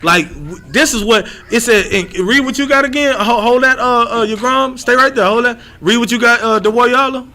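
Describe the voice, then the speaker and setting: A man teaching scripture in a loose, blunt, slangy way. His voice sits high and sounds bright and sharp. He drags out repeated lines for emphasis and keeps restarting his thoughts. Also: normal speed, gravelly, hardly any pauses. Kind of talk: street-style scripture lesson.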